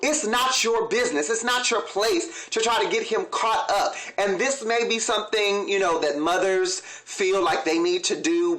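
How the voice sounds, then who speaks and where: A man's voice: sits high, fairly bright tone. A man hosting his own vlog, giving frank, opinionated, sassy commentary in a casual way. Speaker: vlog host recapping a TV show.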